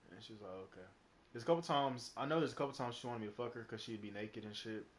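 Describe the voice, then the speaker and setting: A man's voice: medium pitch, fast, a little hiss or hum. A young man streaming live, telling a personal story in a rambling, casual way full of fillers and swearing. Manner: rambling, heavy on fillers and profanity.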